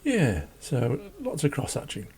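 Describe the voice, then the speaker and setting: A man hosting a drawing channel, chatting casually and rambling as he draws, self-deprecating and laughing often, with a croaky voice. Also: mid-range voice, wildly swooping pitch, a little slow, darkish tone. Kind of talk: casual chat while drawing. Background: faint classical music.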